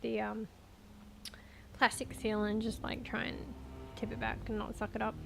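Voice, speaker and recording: A woman's voice: a little high, little pitch movement, moderate pace, gravelly, over music. A young Australian woman streaming, chatting casually with viewers and swearing freely as she talks. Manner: chatty, swears casually, reads chat aloud. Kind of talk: casual live-stream chat.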